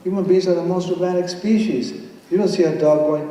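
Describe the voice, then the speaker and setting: A man's voice: sits high, a little fast, dark tone. A man poet giving a playful live reading that switches between English and Spanish. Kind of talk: live poetry reading with banter. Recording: echoey hall from far off.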